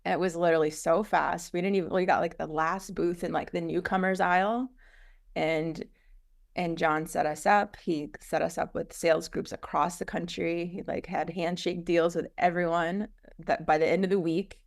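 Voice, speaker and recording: A woman guest on an interview show, chatting casually about her business with lots of fillers and quick asides. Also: lowish voice, steady tone, creaky.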